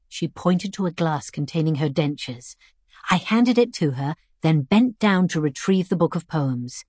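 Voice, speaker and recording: Husky, low-voiced woman narrating a story. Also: lively intonation, darkish tone, no room sound, clean studio sound. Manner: measured, reflective storytelling. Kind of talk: scripted first-person story narration.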